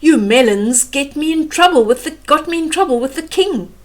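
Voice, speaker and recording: A woman's voice: fairly high pitch, big pitch swings, very slow, a bit bright, full character voice. A woman voicing a big, grumpy male elephant in a read-aloud storybook, indignant and grumbling.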